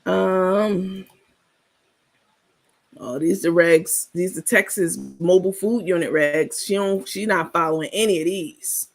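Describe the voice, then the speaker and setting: A woman's voice: fairly low pitch, steady tone, a little slow, soft background music. A woman hosting a casual livestream, talking bluntly and sassily, cursing freely and laughing often. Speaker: livestream host.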